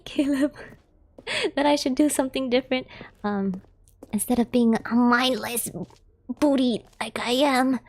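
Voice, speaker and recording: A woman's voice: sits high, measured pace, long pauses, a little mellow. A young American woman streaming a game, chatting casually with a giggly, talkative manner. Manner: giggly, chatty, laughs often. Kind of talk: casual live-stream chat.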